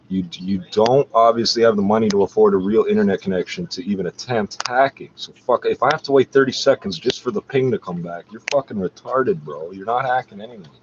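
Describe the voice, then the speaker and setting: A man with a lowish voice rants at the camera from his computer, taunting and cursing in a confrontational way. The recording is dull and lo-fi, with a faint hiss underneath. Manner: confrontational, taunting, swears a lot. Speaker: streamer talking to camera. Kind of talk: profane rant to camera.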